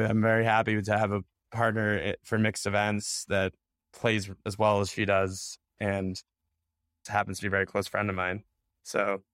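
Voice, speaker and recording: A man's voice: mid-range voice, a bit bright, no echo, studio quality. A young man from the United States, a bridge player answering interview questions in a loose, candid way with plenty of fillers and restarts.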